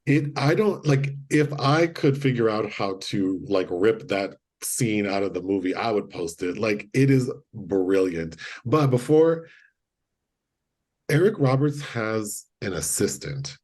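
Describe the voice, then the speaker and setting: A man with a husky, lowish voice recaps a movie for his co-host. He talks casually and animatedly, acting out the characters' lines as he goes. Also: slow. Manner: animated storyteller, acts out quotes. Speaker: podcast co-host. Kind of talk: casual chat, retelling a film.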